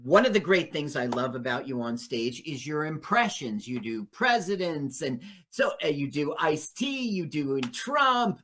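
A man's voice: on the high side, sing-song, unhurried, few pauses, fairly bright tone, slight background noise. A man hosting a radio show, interviewing a comedian guest in an encouraging way. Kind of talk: casual interview.

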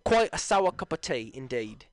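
A man's voice: medium pitch, very animated, moderate pace, dry recording, natural voice. A man voicing a blustering, pompous mock-British character with a put-on British accent, repeating himself on a comedy radio show. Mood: huffy pompous. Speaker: radio co-host.

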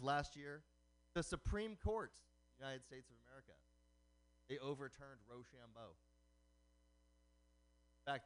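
A man's voice: on the high side, fairly bright tone. Punning stand-up comedian man. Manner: punning, quick joke delivery. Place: comedy night broadcast on radio.

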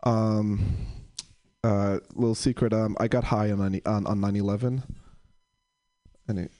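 A young man doing stand-up, telling stories and acting out characters in a high voice. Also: normal speed. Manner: animated, acts out characters in a high voice. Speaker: stand-up comedian. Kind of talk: stand-up storytelling.

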